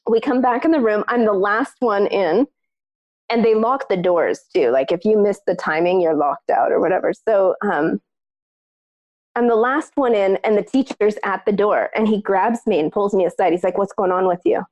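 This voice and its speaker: A woman of middle pitch tells a personal story on a podcast in a loose, chatty way, full of "like" and acted-out lines from the people in her story. The recording sounds a little dull and lo-fi. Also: normal speed. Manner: animated, acts out other people's lines in the story; frequent filler "like". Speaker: podcast co-host. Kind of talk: casual storytelling chat.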